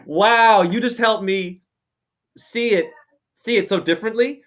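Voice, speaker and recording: A man giving a spiritual reading over a video call, preachy and rambling, with sudden high exclamations. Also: unhurried, fairly bright tone. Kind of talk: excited casual video-call chat.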